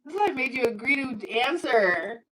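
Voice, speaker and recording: A woman's voice: high-pitched, animated, brisk, a bit bright, slight background noise, rough recording. A woman in her fifties chatting on a livestream, rambling and joking as she talks straight to her viewers. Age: 50s. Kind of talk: casual livestream chat.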